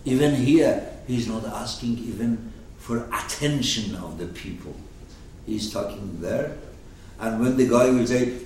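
Man, informal lecturer; slow, emphatic delivery; distant mic in a very echoey room with faint noise. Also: medium pitch, darkish tone. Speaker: teacher explaining a text.

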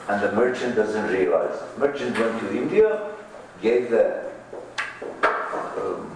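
Slow, lively-voiced man lecturing in an echoey room. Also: on the low side, far from the mic, a little hiss or hum. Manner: slow, thoughtful, with many pauses and questions to the class. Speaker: teacher of Rumi's poetry. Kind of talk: lecture to a class.

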